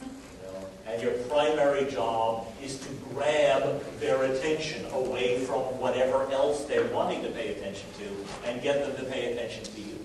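A man's voice: medium pitch, normal speed. A man giving a live lecture to a room of listeners, speaking in a wry, conversational way with many fillers and restarts. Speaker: lecturer on risk communication. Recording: very echoey room, distant mic, steady noise.

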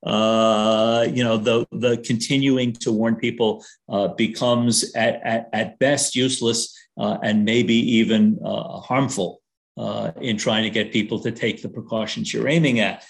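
An older man giving a lecture on risk communication, calling for the next slide, speaking in a halting way with many fillers and restarts and a dry sense of humor. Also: fairly low pitch, steady tone, vocal fry.

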